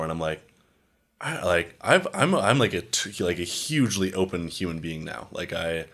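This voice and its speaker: Low-voiced young man rambling casually. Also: brisk, a bit bright. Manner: rambling, frequent "like" fillers, acts out quoted exchanges. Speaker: podcast host. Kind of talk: casual conversation.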